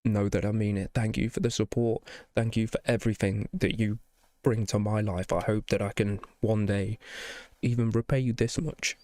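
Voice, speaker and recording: A man's voice: on the low side, little pitch movement, normal speed, a little mellow, no room sound, clean studio sound. A man hosting a reaction video, earnest and encouraging, emotional after having cried. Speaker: reaction channel host. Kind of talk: heartfelt reaction video sign-off.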